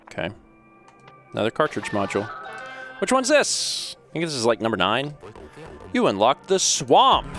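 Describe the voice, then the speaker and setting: A man's voice: medium pitch, huge pitch swings, moderate pace, pauses often, fairly bright tone, soft background music. A young adult man giving casual gameplay commentary as a streamer, chatting to himself while he plays.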